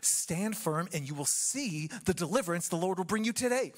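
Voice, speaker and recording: A man with a high voice delivers a church sermon. He preaches with humor and acts out quick asides as he tells the story. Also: lively intonation. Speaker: pastor.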